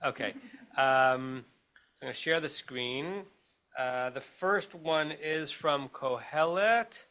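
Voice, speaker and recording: Over a video call, an American-accented rabbi teaches a text study class, explaining step by step and checking in with his listeners along the way. His mid-range voice is slow and sharp in tone.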